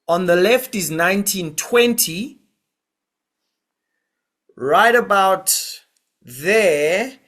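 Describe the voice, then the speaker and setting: Slow-talking high-voiced male vlogger. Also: a bit bright. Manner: retells events with quoted voices and asides. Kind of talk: casual storytelling commentary.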